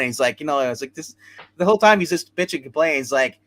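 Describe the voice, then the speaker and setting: Bright-sounding guy rambling through comic plots, lots of "he's like". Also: a little high, fast talker. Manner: rambling, animated retelling with repeated "like". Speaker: comic book show host. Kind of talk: casual chat.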